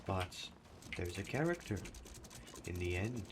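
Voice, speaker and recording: A man's voice: low-pitched, very animated, a little slow. A man chatting casually over his gameplay as a gaming YouTuber, rambling and self-deprecating. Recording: clear keyboard typing noise behind. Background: computer keyboard typing.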